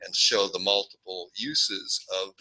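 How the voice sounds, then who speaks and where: Male statistics lecturer, sharp bright tone, playful classroom delivery. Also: deep voice, measured pace, rough recording. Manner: jokey, animated, acts out little scenes.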